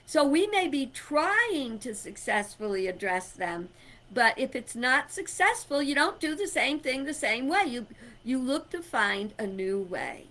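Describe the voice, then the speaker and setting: A woman's voice: sits high, very animated, unhurried, sharp tone. A middle-aged woman giving an inspirational talk, emphatic and conversational, telling personal stories and chuckling. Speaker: spiritual speaker.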